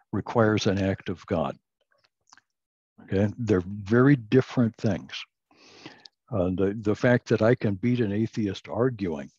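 A man teaching a recorded online class, halting with many fillers and restarts, chuckling at his own jokes. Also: fairly low pitch, darkish tone, breathy edge, no room sound, dull audio. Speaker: Bible teacher.

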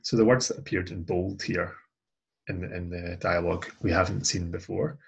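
A man's voice: sits low, steady tone, normal speed, creaky, slightly rough, highs cut off. A man teaching a recorded language lesson, reading dialogue lines aloud and then translating and explaining them. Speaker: language tutor.

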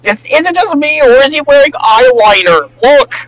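A man hosting a casual reaction video over voice chat, excitable and swearing often with loud outbursts. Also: very high-pitched, moderate pace, crowd noise, low-quality recording.

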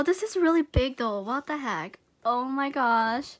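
A young woman vlogging an unboxing, gushing with excitement and breaking into squeals. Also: high-pitched, unhurried, a little hiss or hum. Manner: gushing, excited, repeats "oh my gosh". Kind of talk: unboxing vlog chat.

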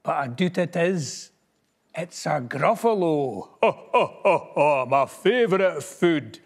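A man doing a gruff slow Scottish monster. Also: on the high side, animated, full character voice. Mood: menacing. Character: big hungry gullible male monster. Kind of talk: storybook reading in Scots.

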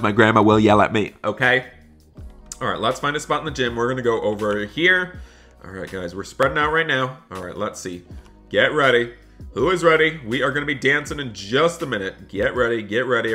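A man hosting a gaming channel, talking excitedly to viewers while role-playing a school day in a game. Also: medium pitch. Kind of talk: Roblox role-play commentary.

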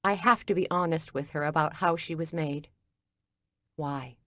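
A woman narrating a first-person mystery audiobook in an even, measured way. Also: deep voice, no echo, clean studio sound.

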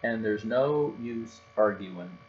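A firm, no-nonsense mother bear, read out by a man in a storybook lays down the rules in a matter-of-fact tone. The sound is a bit dull, with a low hum behind. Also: animated, takes it slowly. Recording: dull recording with faint hum.

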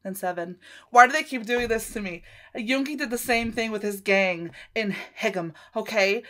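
A woman chatting casually as a reaction vlogger, excitable and gushing, full of exclamations and pauses. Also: mid-range voice. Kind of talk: casual reaction video commentary.

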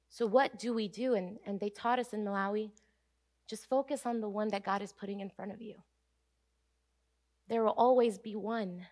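A woman's voice: on the high side, pushed and bright. Woman preaching an earnest, emphatic sermon. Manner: earnest, emphatic, slowing down to stress key phrases. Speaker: pastor. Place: church sanctuary.

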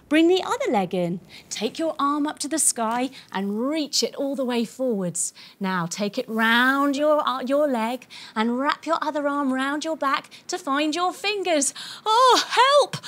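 A woman leading a children's yoga lesson as a story, lively and encouraging as she guides each move. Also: high-pitched. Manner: lively and encouraging, guiding moves step by step.

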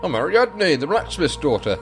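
Man putting on big loud blacksmith's daughter, hearty, higher voice, put-on accent, faint music behind. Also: moderate pace. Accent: put-on British regional accent. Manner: loud, bellowing, excited.

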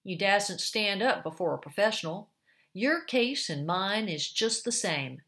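A woman's voice: mid-range voice, expressive, unhurried, fairly bright tone. A woman voicing a pessimistic male ex-boxer turned tramp, talking blunt street slang. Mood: gloomy.

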